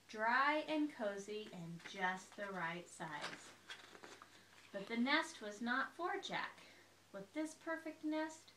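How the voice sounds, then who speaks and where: A woman reads a picture book aloud to a child, slow and expressive, her voice bright and fairly high. She is heard from across an echoey room on a device with faint hiss. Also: recorded from a distance. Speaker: parent reading aloud.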